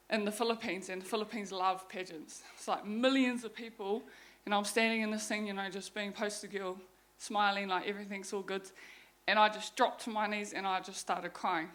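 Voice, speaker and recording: A woman's voice: mid-range voice, steady tone, normal speed, fairly bright tone. A young woman with a New Zealand accent giving a candid personal testimony talk, frank and swearing freely as she retells her story. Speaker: guest speaker sharing her story.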